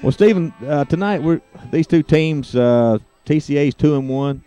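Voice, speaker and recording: A man doing play-by-play for a high school football broadcast, relaxed and chatty with lots of fillers. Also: normal speed, smooth, soft background music. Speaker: play-by-play announcer.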